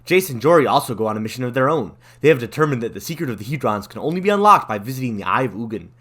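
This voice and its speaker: A man retells a fantasy story in a breezy, jokey way, full of casual slang, as a comedic recap. He talks fast, and his pitch jumps all over the place. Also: sing-song, a bit bright. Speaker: storyteller and channel host.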